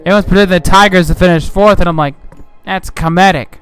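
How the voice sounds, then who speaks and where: A young man giving casual, rambling commentary over a game he is playing, getting frustrated and yelling at enemies. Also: high-pitched, fairly even intonation, very fast, clear, resonant tone, dry recording. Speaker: gaming channel host. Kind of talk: casual let's play commentary. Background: game music.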